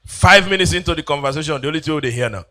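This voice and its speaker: A Nigerian man doing animated stand-up comedy on a church event stage, mixing in Pidgin and mimicking people. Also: fairly high pitch, racing.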